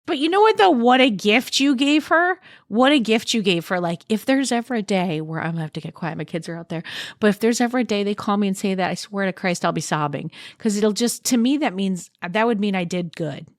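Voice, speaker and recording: A woman's voice: mid-range voice, lively intonation, quick pace, dry recording, studio quality. A woman speaking as a podcast guest, talking frankly and reflectively, swearing freely as she chats. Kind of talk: candid conversational chat.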